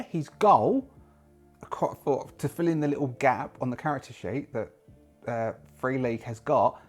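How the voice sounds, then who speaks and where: Man, solo rpg host, casual rambling talk, animated pitch, soft music behind. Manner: rambling, self-correcting, lively. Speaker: solo roleplaying channel host.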